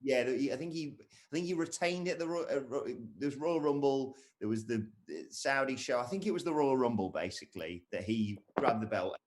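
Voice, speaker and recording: A man's voice: medium pitch, animated, fairly quick, hardly any pauses, darkish tone. A young man co-hosting a live stream, casually reading viewer comments aloud with jokey asides.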